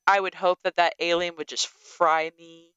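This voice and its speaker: A woman co-hosting a podcast, chatting about a film in a lively, exclamatory way and peppering her talk with "like". Her voice is bright and forceful, with a very crisp, clean tone. The sound is dry and close. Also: lowish voice, normal speed, dry recording, highs cut off. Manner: animated, exclamatory, fillers with "like". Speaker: podcast co-host. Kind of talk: casual review chat.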